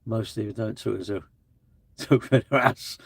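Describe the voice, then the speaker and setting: A man's voice: on the low side, moderate pace, vocal fry, dry recording. Blunt chatty man, dry close mic. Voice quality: blunt, chatty, slangy delivery. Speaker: live stream host. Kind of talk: casual live-stream chat with viewers.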